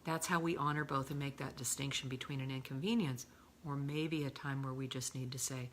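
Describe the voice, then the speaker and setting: Low-voiced woman coaching softly. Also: slight background noise. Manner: calm, often dropping to a breathy whisper; slow, drawn-out emphasis on key words. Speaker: love coach. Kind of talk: motivational coaching talk.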